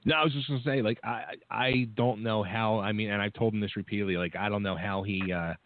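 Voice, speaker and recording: A man hosting a casual radio interview, speaking in a halting, sympathetic way with many restarts. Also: lowish voice, fairly even intonation. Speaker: host. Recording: thin phone-like sound.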